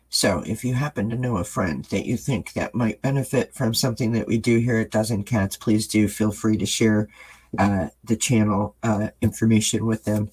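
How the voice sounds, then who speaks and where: A man hosting his tarot channel, talking casually and earnestly to viewers, halting with many ums and restarts. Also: fairly low pitch, steady tone, slightly rough, poor audio. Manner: earnest and gentle. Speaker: tarot reader and channel host.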